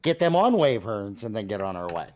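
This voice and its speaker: Male tabletop player, mid pitch, animated, firm and insistent. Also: brisk, background noise. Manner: firm, insistent, repeats himself. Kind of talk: tabletop game banter.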